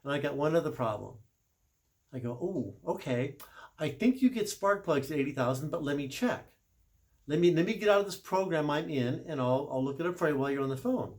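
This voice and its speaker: A man's voice: fairly high pitch, animated, a little fast, darkish tone. A middle-aged man and car shop service manager telling a story in a casual, chatty way, correcting himself and laughing a little as he goes.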